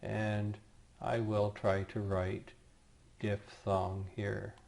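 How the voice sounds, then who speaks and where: Male teacher, unhurried delivery, patient explainer, occasional wry aside about his own mistakes. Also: on the low side, completely flat delivery, vocal fry, a little mellow. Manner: self-deprecating asides. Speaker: Greek teacher. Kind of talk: recorded lecture.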